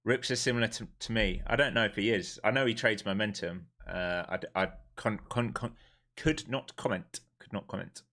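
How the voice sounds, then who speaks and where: A man with a lowish voice talks through his trades on a live stream and keeps firing off questions that he answers himself. He is blunt and wound up and swears freely as he talks. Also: fairly quick, few pauses, pushed and bright. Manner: wound up and emphatic. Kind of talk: live trading stream commentary.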